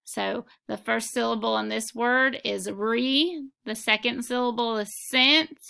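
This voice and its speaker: A woman teaching a phonics lesson, reading words and sentences slowly and pausing so students can repeat them. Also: on the high side, creaky, bright, forceful tone, clean tone. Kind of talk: slow, deliberate phonics lesson. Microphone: recorded lesson video.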